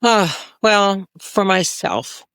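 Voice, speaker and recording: A woman's voice: medium pitch, lively intonation, extremely slow, fairly bright tone, no echo, studio quality. A woman clinician on a health panel, speaking emphatically and repeating phrases for stress. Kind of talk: panel discussion.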